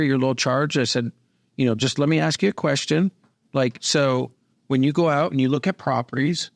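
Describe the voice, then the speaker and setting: A man of middling pitch hosts a relaxed podcast chat, telling stories of phone calls and playing both parts himself. His voice sounds close and dry, with no room around it. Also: dry recording. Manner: animated storyteller acting out both sides of calls. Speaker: host and mortgage business owner. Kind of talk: casual podcast interview.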